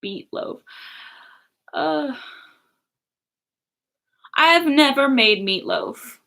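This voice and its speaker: A woman's voice: high-pitched, animated, extremely slow, creaky, bright, forceful tone. A young woman chatting casually on a livestream, reading chat and laughing often. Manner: giggly, chatty, many fillers.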